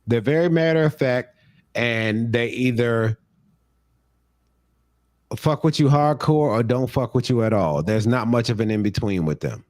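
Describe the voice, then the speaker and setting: A man's voice: mid-range voice, measured pace, long pauses, no room sound, clean studio sound. A young man co-hosting a comedy podcast, talking casually with profanity and jokey mock rants. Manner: profane, joking, slips into loud mock rants. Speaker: podcast co-host.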